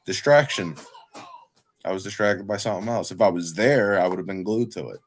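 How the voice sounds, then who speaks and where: A man's voice: low-pitched, fairly quick, a little hiss or hum. A man who wrestles for a living, chatting casually as a guest, talking with a slight lisp and rambling full of "like". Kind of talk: casual chat.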